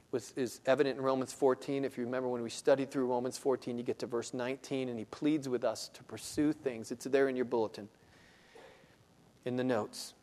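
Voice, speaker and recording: A man preaching a sermon as pastor, dropping to hushed low asides and then building to loud, slow, rising exclamations. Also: big-room sound. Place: church sanctuary.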